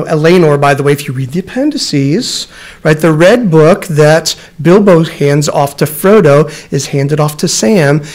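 A man's voice: on the high side, darkish tone. A man in his forties giving a personal talk as a professor, rambling and restarting often, growing emotional as he speaks. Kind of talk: lecture with personal stories. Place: lecture room.

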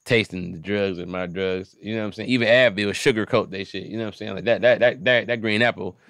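A young man hosts a podcast in a comedian's style, joking, swearing a lot and often switching into silly voices in casual comedic chat. His voice is on the low side, steady, fast and fairly bright. The studio-quality recording has no room sound.

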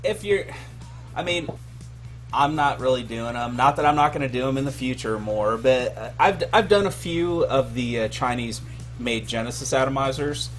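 A man with a mid-range voice hosting a relaxed chat, who keeps ribbing his guest with jokes and laughter. Faint music runs behind him. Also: medium pitch, moderate pace. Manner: teasing, joking, laughs at guest. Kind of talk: casual video chat.

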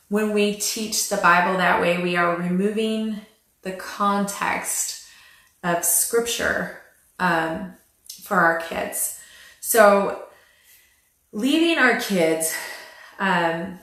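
A woman's voice: fairly low pitch, very slow, long pauses, fairly bright tone. A woman giving casual spoken Bible teaching, chatty and wry, retelling scripture with dry sarcasm and frequent filler words. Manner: frequent "um" fillers and light laughs. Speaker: Christian family Bible teacher. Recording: very echoey room.

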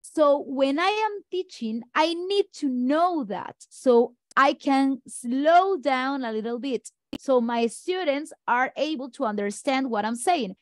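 High-voiced woman, teaching. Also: lively intonation, dry recording. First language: Spanish. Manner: brisk, speaks fast, addresses colleagues directly. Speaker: teacher trainer. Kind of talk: online teacher-training lecture.

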